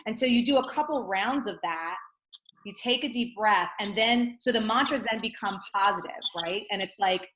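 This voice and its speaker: Talking at a normal speed in a mid-range, somewhat bright voice, a woman guest explains something casually over a video call. The audio sounds roomy, and her chatty speech is full of "like" and "right?" tags.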